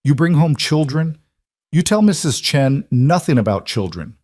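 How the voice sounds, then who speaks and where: A man's voice: on the high side, very animated, darkish tone, no echo, studio quality, pitched above the performer's own voice. A man putting on a bossy motherly older woman cook. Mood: bossy warm. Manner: brisk, scolding, clipped broken English.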